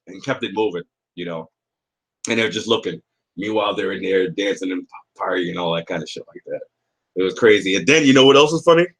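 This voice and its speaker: A man's voice: deep voice, expressive, fairly quick. A man from the area, hosting a casual livestream chat, rambling, cursing and reading out chat comments. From Boston area. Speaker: livestream host.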